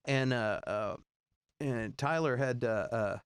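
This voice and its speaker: A man in his forties telling rambling road stories in casual chat, acting out other people's lines in high voices. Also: slow pace, clean tone, no room sound, clean studio sound. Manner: rambling, animated, acts out quoted voices high.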